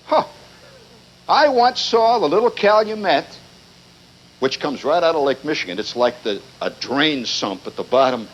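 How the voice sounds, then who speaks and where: A man from Indiana, USA, with a fairly high, slightly bright voice and a breathy edge, performs a humorous monologue for a live audience. His storytelling is wry, digressive and mock-indignant, and it's captured in a muffled 1970s live recording.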